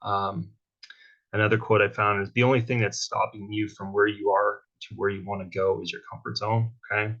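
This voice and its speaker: A man's voice: fairly low pitch, flat delivery, moderate pace, fairly bright tone. A man giving a casual motivational talk as a workshop guest speaker, checking in with tag questions like "right?" and "okay?". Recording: dull lo-fi sound.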